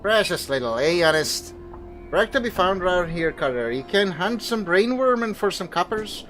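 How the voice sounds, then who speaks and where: A man voicing a gruff male slum local who drawls folksy talk in a put-on accent. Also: high-pitched, expressive, moderate pace, fairly bright tone, soft background music, voice pushed up. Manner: drawling, folksy, says aye.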